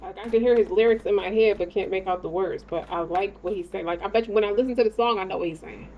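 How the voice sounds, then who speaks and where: A woman's voice: mid-range voice, fast talker. Slangy, rambling woman reading tarot. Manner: rambling, slangy and profane, talks to the listener directly. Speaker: tarot reader. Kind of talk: casual tarot reading monologue. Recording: dull lo-fi sound with faint noise.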